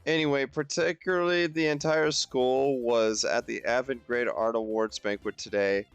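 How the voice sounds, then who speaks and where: Guy reading a book with friends, rambly and jokey, smooth dry voice. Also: medium pitch, fairly even intonation, moderate pace, no echo, lo-fi sound, faint music behind. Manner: rambling, joking, frequent restarts. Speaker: reader and co-host. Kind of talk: comedic group book reading.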